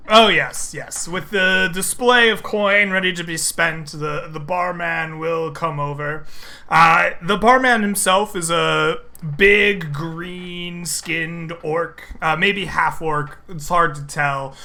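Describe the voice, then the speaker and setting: Guy running a tabletop game, talks slow, super bright voice. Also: a little high. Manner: relaxed, descriptive, with fillers. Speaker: game master.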